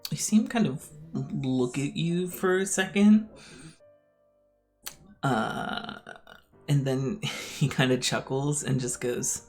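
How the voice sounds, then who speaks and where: Male game master, gravelly voice, halting delivery with fillers. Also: medium pitch, soft background music. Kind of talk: narrating a tabletop game.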